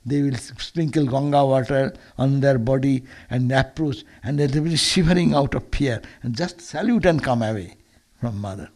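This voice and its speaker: A man's voice: mid-range voice, normal speed, a little mellow. A man, a monk, giving a Sunday lecture as a storytelling sermon, earnest and often restarting or repeating words.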